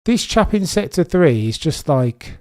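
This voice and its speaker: A man with a mild Birmingham accent hosts a live watchalong stream. He talks in an excitable, chatty way, speaking straight to his viewers as he commentates. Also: fairly high pitch, unhurried. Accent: mild Birmingham English. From Birmingham, England.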